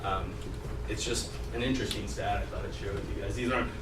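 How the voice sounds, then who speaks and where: A man's voice: fairly low pitch, steady tone, fast talker. A man giving a casual sales training presentation in a conversational way, with many fillers. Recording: distant mic in echoey room with noise.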